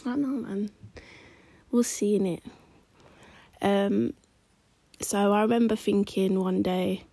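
A woman telling a personal story in a chatty, slangy vlog, often dropping into hushed asides. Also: medium pitch, fairly even intonation, slow, pauses often, no echo. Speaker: vlogger.

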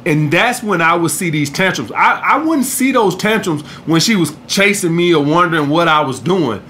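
Casting: high-voiced man, podcast host, swearing, casual lecturing tone, faint room hum. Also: lively intonation, normal speed, sharp tone. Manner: profane, repeats "all right?". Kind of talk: casual monologue.

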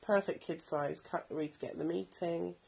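Chatty, husky woman. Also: fairly low pitch, fairly even intonation, normal speed, darkish tone, rough recording. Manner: chatty, rambling, many ums. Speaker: podcast host recommending bargain buys. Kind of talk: casual product recommendations.

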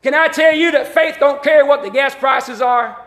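A Southern-accented man preaches in a church, his voice pitched unusually high as he swings into shouted calls to the congregation. The sound carries a roomy echo from the sanctuary around him. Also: normal speed, faint music behind. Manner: fervent preaching, rising to shouts and calling out to the congregation. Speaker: pastor. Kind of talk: sermon.

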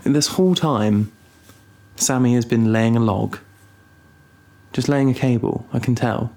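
A young man co-hosting a casual podcast, rambling and teasing with deadpan asides. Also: medium pitch, a little slow. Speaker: podcast co-host. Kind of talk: casual chat.

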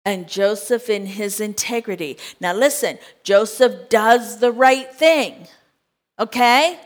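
A woman's voice: medium pitch, slow. A woman preaching a sermon, telling a scripture story with drama and asking the congregation direct questions.

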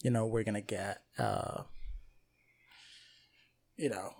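A young man co-hosting a casual chat, sharing his views on films in a measured way with many ums and uhs. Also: on the low side, very animated, creaky, darkish tone. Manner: measured, hesitant, lots of fillers. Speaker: podcast co-host.

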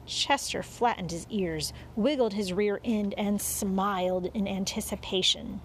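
A woman narrating a children's audiobook in an expressive storytelling manner. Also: medium pitch, measured pace, few pauses, husky.

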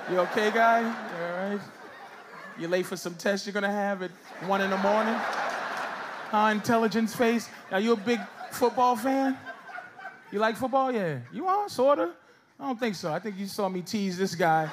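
A man doing loud, teasing stand-up crowd work on a comedy stage. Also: sits high, moderate pace. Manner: loud, teasing, riffing with the audience. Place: comedy stage before a live audience. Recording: noisy live show with crowd laughter.

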